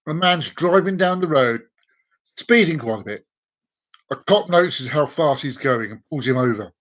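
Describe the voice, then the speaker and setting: Guy hosting his live comedy stream, rambly, repeats himself, lively up-and-down voice. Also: fairly high pitch, moderate pace. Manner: rambling, self-mocking, repeats words. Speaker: comedy show host. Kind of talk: live-streamed joke telling.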